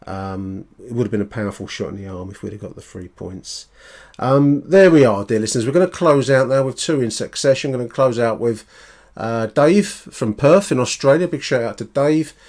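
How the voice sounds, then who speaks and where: Male podcast host, mellow tone, easygoing with lots of ums. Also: medium pitch, moderate pace. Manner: relaxed, many ums. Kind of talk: casual podcast chat.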